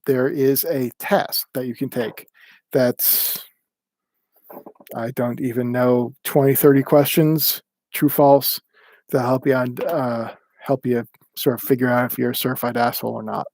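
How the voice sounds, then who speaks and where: A man teaching a livestreamed class, speaking in a plainspoken, halting way with many ums and restarts. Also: steady tone, darkish tone, no room sound. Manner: plainspoken, acts out quoted remarks with raised pitch. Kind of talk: livestreamed talk.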